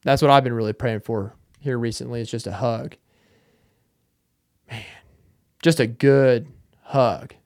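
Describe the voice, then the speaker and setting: A young podcast host speaks in a loose, unscripted solo monologue, joking, meandering and mocking himself. His mid-range voice is steady and darkish, with a measured pace and frequent pauses.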